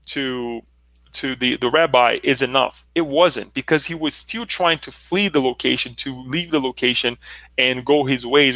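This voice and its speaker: A man's voice: medium pitch, gravelly, pushed and bright, dry recording. A man leading a spiritual book study, reflecting aloud and asking rhetorical questions. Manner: reflective, asks rhetorical questions, often adds "right?". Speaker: study group leader.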